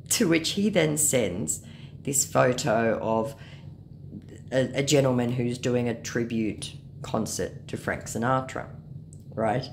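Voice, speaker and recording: A woman's voice: extremely low pitch, takes it slowly, gravelly, a little hiss or hum. A woman reading out a chat with a scammer at her workplace, mocking and blunt, trading sarcastic insults. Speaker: video creator baiting scammers. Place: at work, slightly echoey room. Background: heater running.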